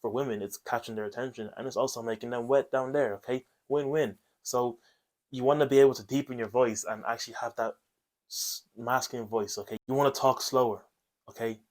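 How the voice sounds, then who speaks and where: A man gives blunt, coaching advice straight to camera. His voice sits at an ordinary middle pitch, and he tags his points with "okay?" and casual swearing. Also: steady tone, fairly quick. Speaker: self-improvement video host. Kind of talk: direct-to-camera advice monologue.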